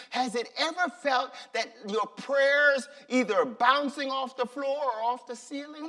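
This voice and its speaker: A male pastor delivering a sermon with a high, animated voice and a bright edge. He speaks slowly and deliberately, repeating words for emphasis. The mic sounds somewhat far from him. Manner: slow, deliberate and emphatic, with repetitions.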